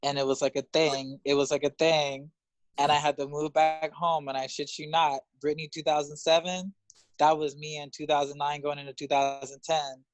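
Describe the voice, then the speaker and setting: A man in his thirties from Los Angeles, a guest telling candid, profane stories in an interview, animated and laughing often. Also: moderate pace, no echo. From Los Angeles, USA. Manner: animated, profane, laughs often, jumps up in pitch when excited. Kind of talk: candid storytelling in conversation.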